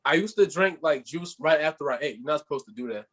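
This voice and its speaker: Young male co-host, joking storyteller, husky voice, a bit high. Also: animated, fast, a bit bright, rough recording. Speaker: podcast co-host. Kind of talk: casual chat.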